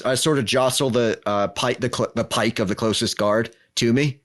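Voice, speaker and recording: A man's voice: mid-range voice, steady tone, normal speed, few pauses. A man playing in a tabletop game, giving a commanding in-character speech. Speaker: player. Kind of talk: in-character tabletop role-play.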